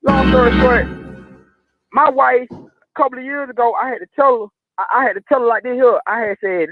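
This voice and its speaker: This is a man calling into a talk show with a very high voice and a fast pace. He tells his story bluntly and swears often. The audio is dull and dry, with no room sound. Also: dry recording. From Atlanta, USA. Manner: profane, emphatic, blunt. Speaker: caller. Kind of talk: call-in storytelling.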